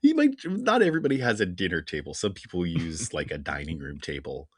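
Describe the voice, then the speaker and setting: A man co-hosting a podcast, reading listener mail in a dry, deadpan, casual way. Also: deep voice, brisk, no echo. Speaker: podcast co-host. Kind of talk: casual chat.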